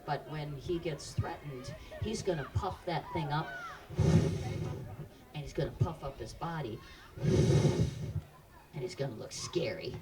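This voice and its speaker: A woman's voice: sits low, distant mic. Upbeat woman running a kids' animal show. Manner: upbeat, quizzing the audience with questions. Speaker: animal show presenter for children. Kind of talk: live educational animal show for kids. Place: outdoor park show with children.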